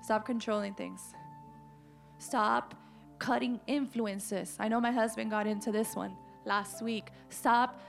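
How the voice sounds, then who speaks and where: Animated woman preaching to youth. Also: on the high side, takes it slowly, vocal fry, faint music behind. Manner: animated, acts out quotes, rising to emphatic declarations. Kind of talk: sermon.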